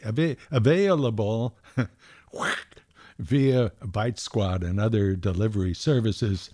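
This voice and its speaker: Brief: male DJ, low-pitched, leisurely sponsor reads, rambling delivery. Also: darkish tone. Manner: unhurried, rambling, many fillers. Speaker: radio host. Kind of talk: casual radio presenting with sponsor reads. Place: radio studio.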